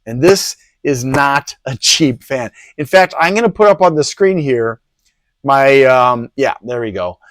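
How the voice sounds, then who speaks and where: A man's voice: medium pitch, lively intonation, measured pace, dry recording. A man hosting a PC hardware review channel, talking casually with rambling, sarcastic asides. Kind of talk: casual product review talk.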